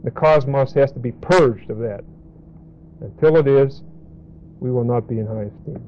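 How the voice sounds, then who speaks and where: A man's voice: mid-range voice, moderate pace, lo-fi sound. A man teaching a Bible lesson as a pastor, speaking in a blunt, emphatic way. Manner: emphatic, direct, blunt warnings.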